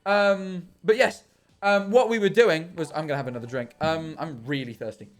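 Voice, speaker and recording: A man's voice: on the high side, moderate pace. Rambling young British man streaming. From Britain. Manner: rambling, ranting, self-deprecating. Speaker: livestreamer. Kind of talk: casual stream chat while gaming.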